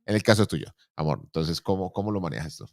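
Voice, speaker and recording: A middle-aged man hosting a relaxed conversation, asking questions and often repeating words as he searches for the next one. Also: low-pitched, racing, dry recording, clean studio sound. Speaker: show host. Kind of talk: conversational interview in Spanish.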